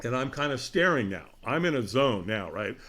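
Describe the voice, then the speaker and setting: A middle-aged man, a podcast guest, telling a story in a lively way, acting out the voices of the people in it and laughing often. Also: mid-range voice, normal speed. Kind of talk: animated storytelling.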